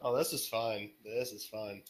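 A man's voice: lowish voice, measured pace, poor audio. Male interview guest, laid-back and joking, self-deprecating. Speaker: podcast guest, story author. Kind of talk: casual interview chat.

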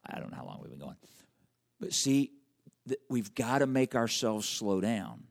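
A man preaching a conversational sermon, checking in with the audience with frequent questions and slowing right down to stress key words. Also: on the low side, sing-song, gravelly. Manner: wide swings in loudness and emphasis, drawn-out slow words. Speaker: pastor.

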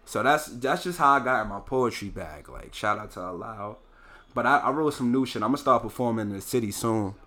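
A young man, a poet talking casually as a podcast guest, animated and swinging between loud laughing bursts and low quiet storytelling. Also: a little fast. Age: young adult. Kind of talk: casual conversation.

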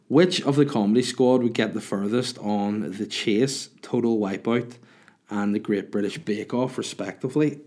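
A man's voice: medium pitch, darkish tone. A man hosting his own podcast, chatting casually and answering listener questions. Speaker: podcast host and comedian. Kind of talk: casual solo podcast chat.

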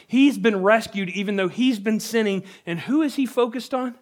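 A man's voice: high voice, normal speed. A young adult man, a pastor, preaching a sermon in an earnest, conversational way and reading scripture aloud.

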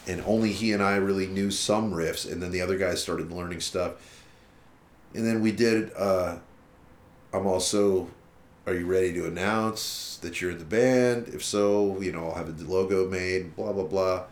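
A man's voice: sits low, normal speed, reverberant. A man telling a long story in a casual interview, swearing freely and acting out what others said. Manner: profane, animated retelling with quoted dialogue. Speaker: musician guest.

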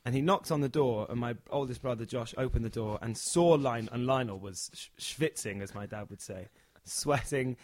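A man's voice: mid-range voice, moderate pace, no echo. Man telling a comic story, dry sound. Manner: animated, acts out the characters. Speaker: storyteller on a chat show.

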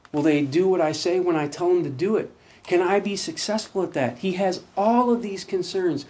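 A man's voice: a little high, a little mellow. A man preaching a sermon, explaining scripture with earnest emphasis and reading verses aloud. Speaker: pastor.

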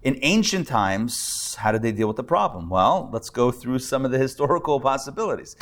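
A man's voice: medium pitch, animated, brisk, fairly bright tone. A man teaching a live class as a rabbi, talking in a loose conversational way with many restarts and repeated words, and dropping in wry jokes. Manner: wry humorous asides. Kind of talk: live adult-education lecture. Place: live lecture before an audience.

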